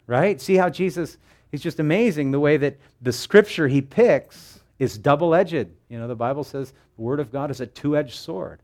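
A man preaching a sermon in an animated, joking way, acting out the voices he quotes. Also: on the high side, moderate pace. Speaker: pastor.

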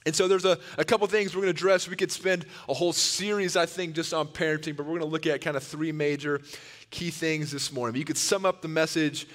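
A man in his thirties preaching a sermon in a church sanctuary, earnest and quick to tell stories. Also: a little high. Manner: earnest and storytelling, given to animated retellings. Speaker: pastor. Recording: long reverb of a large hall.

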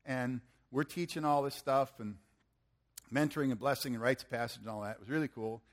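A man's voice: mid-range voice, fairly quick. A middle-aged man preaching, telling a folksy story and acting out the people in it. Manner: folksy, animated storytelling with acted-out quotes. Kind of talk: sermon storytelling.

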